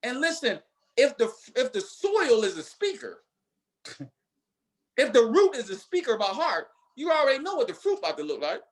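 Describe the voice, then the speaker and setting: A man's voice: extremely high pitch, huge pitch swings, moderate pace. A man leading a network marketing team, giving a motivational talk with emphatic, preacher-like repetition.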